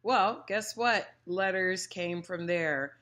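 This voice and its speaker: A woman's voice: lowish voice, takes it slowly, fairly bright tone. A woman teaching a casual Spanish pronunciation lesson, chatty and playful, demonstrating sounds aloud and giving firm opinions.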